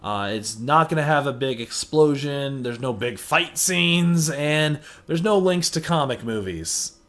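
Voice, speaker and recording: A man's voice: fairly high pitch, animated, a little slow, fairly bright tone. A man giving a casual movie review, chatty and sarcastic, often saying "you know". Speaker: film reviewer.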